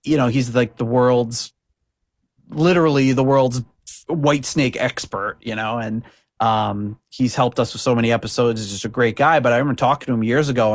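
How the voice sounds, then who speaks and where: A man's voice: mid-range voice, dry recording. Rambling man, dry close sound. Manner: rambling, hesitant, many fillers and restarts. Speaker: podcast co-host. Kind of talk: casual chat about song lyrics.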